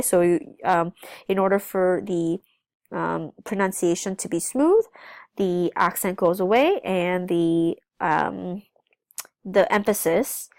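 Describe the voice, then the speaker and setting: A woman's voice: on the low side, no echo, clean studio sound. A woman teaching a language lesson, explaining step by step and often checking in with "okay?", switching between two languages. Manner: switches between English and Spanish. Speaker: Spanish teacher. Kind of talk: recorded classroom lesson.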